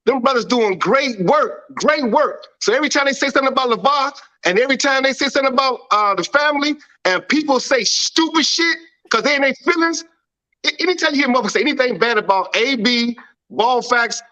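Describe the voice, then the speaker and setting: A man's voice: extremely high pitch, pushed and bright, low-quality recording. A man on a livestream panel, delivering a heated, profane rant and repeating phrases for emphasis.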